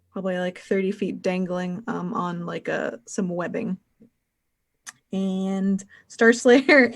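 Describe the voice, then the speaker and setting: A woman's voice: medium pitch, darkish tone. Woman game master, mid voice, loose and rambling. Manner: rambling, fillers, giggly. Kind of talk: narrating a tabletop game.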